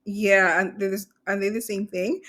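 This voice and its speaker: A woman's voice: mid-range voice, steady tone, normal speed, a bit bright. A young woman co-hosting a podcast, telling stories in a chatty way and laughing often. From Kenya or Zambia. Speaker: podcast co-host. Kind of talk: casual chat.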